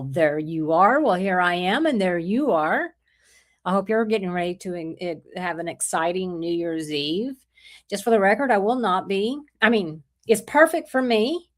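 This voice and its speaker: A middle-aged woman with a soft drawl hosts a relaxed livestream, chatting loosely and greeting viewers one by one. Her voice carries a sore throat that she talks through. She rambles in a friendly way, with many small restarts. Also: medium pitch. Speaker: livestream host. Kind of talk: casual chat reading viewer comments.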